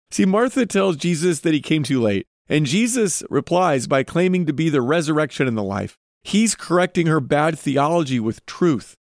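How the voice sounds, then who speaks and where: A man's voice: fairly high pitch, no echo, clean studio sound. A man hosting a podcast, giving earnest devotional Bible teaching and putting direct questions to his listeners.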